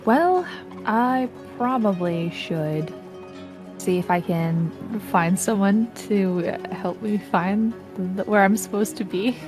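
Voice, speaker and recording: A woman playing in a tabletop game, talking hesitantly with many pauses and ums. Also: mid-range voice, animated, over music. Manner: hesitant, halting, full of ums. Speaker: player.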